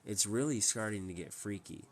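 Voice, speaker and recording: A man's voice: lowish voice, normal speed. A man hosting a casual live stream from home, talking in a rambling, emphatic way with many restarts. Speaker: livestream host.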